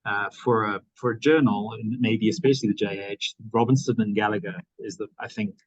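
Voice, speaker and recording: A man chairs an academic seminar and offers his comments haltingly, stacking fillers and restarting his phrases. The sound is very dry and close, with a dull, lo-fi tone. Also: lowish voice, steady tone, husky, dry recording. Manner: hesitant, many fillers and restarts.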